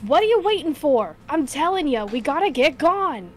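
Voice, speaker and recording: Woman putting on a gruff Southern commander. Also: high voice, sing-song, normal speed, soft background music, rough recording. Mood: commanding. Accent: partial Southern US. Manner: brusque, barking orders. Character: gruff male military commander.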